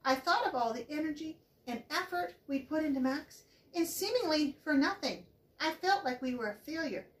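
A woman voicing an excited, hopeful mother rat who gushes in a high voice. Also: moderate pace, roomy sound, recorded from a distance. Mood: earnest.

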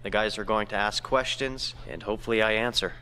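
A man's voice: on the low side, steady tone, fairly quick, pushed and bright, big-room sound, a little hiss or hum. A man on a paranormal investigation, explaining his method in a matter-of-fact way. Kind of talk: explaining a ghost-hunting method.

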